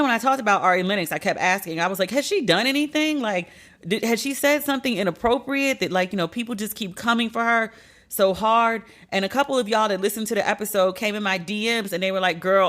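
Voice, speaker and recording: A woman hosting a podcast, giving blunt, profane, animated commentary in a casual tone. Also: lowish voice. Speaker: podcast host.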